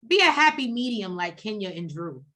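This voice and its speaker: A woman with a bright, ringing voice co-hosts a casual reality TV recap. She talks bluntly and profanely, and she acts out what people said as she tells the story. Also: medium pitch, moderate pace. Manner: blunt, profane, animated storytelling with acted quotes. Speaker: co-host of a TV recap show.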